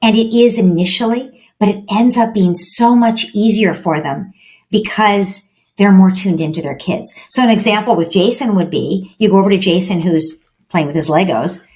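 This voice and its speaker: A woman parenting expert talks as a guest on a podcast. Her delivery is animated. She slips into short acted-out exchanges between parent and child. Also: medium pitch, normal speed. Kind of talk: podcast interview.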